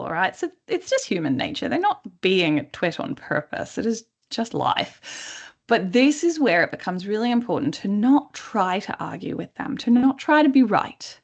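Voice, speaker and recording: A woman's voice: mid-range voice, sing-song, moderate pace, gravelly, muffled recording. A woman coach teaching a webinar in a conversational way. She often checks in with her listeners and acts out quoted dialogue. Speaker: workplace coach.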